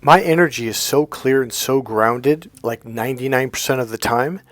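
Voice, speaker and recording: A man's voice: mid-range voice, normal speed, a bit bright, no room sound, faint music behind. A man coaching in a casual motivational monologue, talking conversationally with frequent restarts and quoted dialogue. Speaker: dating and healing coach.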